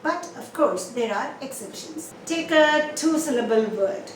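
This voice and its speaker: A high-voiced woman gives an English pronunciation lesson at an unhurried pace. She poses questions, answers them herself and repeats each example word. The recording is echoey and a little distant, with faint noise behind her. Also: lively intonation. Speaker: English teacher.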